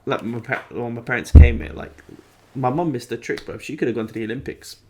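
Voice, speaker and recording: A man's voice: medium pitch, a little fast, mellow, a little hiss or hum. A young man, co-hosting a casual podcast chat, joking and laughing often. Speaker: podcast co-host.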